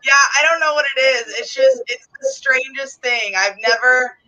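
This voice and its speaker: Bright chatty woman, off-mic. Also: high-pitched, moderate pace, highs cut off. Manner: chatty, laughs often. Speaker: reptile livestream host. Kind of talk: casual chat. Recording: distant from the mic.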